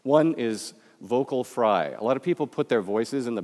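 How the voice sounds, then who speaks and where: A man's voice: medium pitch, animated, normal speed, hardly any pauses, darkish tone, long reverb tail. A man from Michigan with a Midwestern American accent, giving a public talk in a conversational, joking way and speaking straight to the audience. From Michigan, USA.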